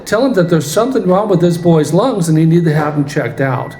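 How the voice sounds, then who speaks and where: A man's voice: on the high side, animated, a little fast, dark tone, slight background noise, lightly acted. A man playing an earnest baby angel girl. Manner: earnest, questioning. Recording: roomy church hall, faint ambience.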